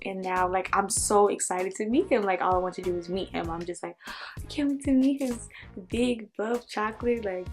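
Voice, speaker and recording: A young woman from Oklahoma telling a storytime vlog, animated and acting out the voices. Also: medium pitch. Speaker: vlogger.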